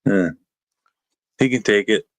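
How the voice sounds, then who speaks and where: A man's voice: on the low side, measured pace, dry recording. A man co-hosting a casual podcast, teasing his co-hosts and talking over them in playful banter. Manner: teasing, joking, talks over others. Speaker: podcast co-host.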